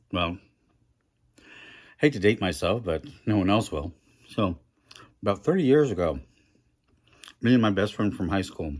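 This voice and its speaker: Low-voiced rambling middle-aged man. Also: a little mellow. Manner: chatty, self-deprecating, talks with mouth full. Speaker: YouTuber reviewing food. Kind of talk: casual rambling food review vlog.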